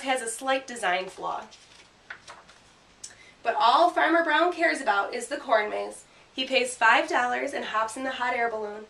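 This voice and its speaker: A woman teacher giving a grammar lesson and reading a picture book aloud, speaking clearly and punching out the sound words. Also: fairly high pitch, fairly bright tone. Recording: roomy sound from a distant mic.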